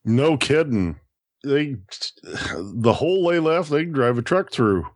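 A man co-hosting a casual podcast, reacting with animated emphasis. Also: medium pitch, slow, dry recording, studio quality. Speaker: podcast co-host.

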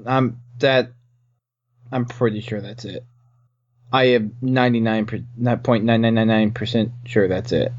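A man co-hosting a gaming podcast chat, insistent and quick to set others straight. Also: lowish voice, steady tone. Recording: dull lo-fi podcast audio.

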